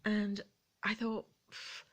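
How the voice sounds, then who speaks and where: A woman vlogging in a relaxed storytelling chat, gentle and chatty with frequent laughs and quiet asides. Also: medium pitch, slow, dull audio.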